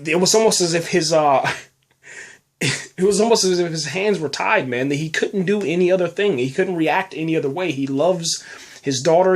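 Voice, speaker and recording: A man hosting a podcast, giving a casual, rambling spoken review full of fillers and restarts, often saying "man". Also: a little high. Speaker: podcast host reviewing a TV episode.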